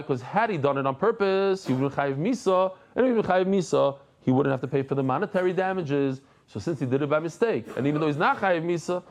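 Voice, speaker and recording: A middle-aged man giving a daily Talmud lesson, animated and jokey, mixing in Hebrew and Yiddish terms. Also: on the high side. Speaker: Talmud teacher.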